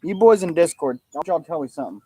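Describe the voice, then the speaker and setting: High-voiced joking man streaming. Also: animated, fast talker, breathy edge, no room sound. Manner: loud, joking, calls out to his audience. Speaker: livestream host. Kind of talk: casual livestream chat. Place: outdoors in a backyard.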